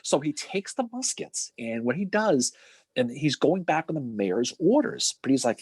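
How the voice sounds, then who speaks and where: A man co-hosting a casual history podcast, retelling events with lively acted-out quotes and casual swearing. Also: medium pitch, moderate pace, breathy edge, no room sound. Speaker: podcast co-host.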